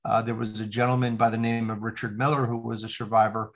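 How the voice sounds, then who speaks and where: A man's voice: on the low side, little pitch movement, fast. A man in his fifties hosting a podcast, talking casually with plenty of ums and uhs. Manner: warm conversational, frequent um and uh fillers. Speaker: podcast host.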